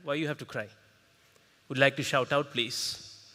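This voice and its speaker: A man facilitating a workshop, quizzing and coaxing the audience with quick questions. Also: medium pitch. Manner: lively, coaxes the audience, quick rhetorical questions. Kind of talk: interactive workshop talk. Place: large conference hall. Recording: reverberant hall.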